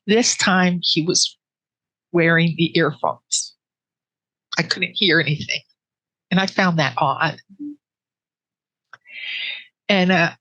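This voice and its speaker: Halting, emotional woman. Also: lowish voice, no echo, poor audio. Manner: earnest, halting storytelling with restarts; soft and emotional, close to tears. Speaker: interviewee. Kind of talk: personal grief story in an interview.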